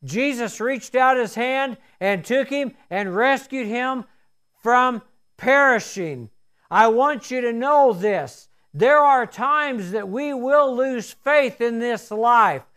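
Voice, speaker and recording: High-voiced folksy preacher man. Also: fairly bright tone. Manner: folksy storytelling with homespun asides. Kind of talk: sermon.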